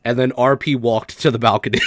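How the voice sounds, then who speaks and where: A young man livestreaming a game, talking casually and excitably, laughing a lot and swearing freely. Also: medium pitch, fairly quick, no echo, studio quality. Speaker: streamer. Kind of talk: casual live-stream reaction commentary.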